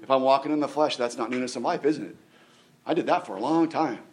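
A man's voice: medium pitch, darkish tone. A middle-aged man giving a conversational sermon as a pastor, often restarting his words and asking the listeners rhetorical questions. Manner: halting, repeats words, asks rhetorical questions.

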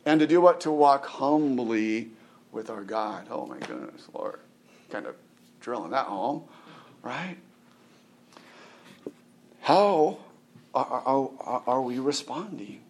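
A middle-aged man preaching in a loose, conversational way, with a voice of ordinary middle pitch. He tosses "right?" at his listeners and stumbles over repeated words. He leaps up high to stress a point. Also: slow, pauses often. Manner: keeps asking "right?", restarts and repeats words; animated, jumps up in pitch for emphasis. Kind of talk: conversational sermon.

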